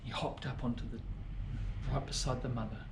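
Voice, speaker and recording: A man reading a story to children, swinging between loud and hushed lines. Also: medium pitch, fairly even intonation, brisk, background noise. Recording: echoey room.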